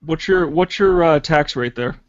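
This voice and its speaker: A man on a panel in a casual online hangout, explaining costs and strategy in a steady, practical way. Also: fairly high pitch, moderate pace, no echo. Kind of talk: casual live hangout chat. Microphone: video call. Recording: dry, dull lo-fi call audio.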